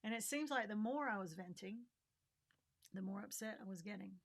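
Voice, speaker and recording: A woman's voice: medium pitch, brisk. A middle-aged woman vlogging frankly about her week, venting with swearing, fillers and bursts of laughter. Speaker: vlogger and teacher. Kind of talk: candid personal vlog.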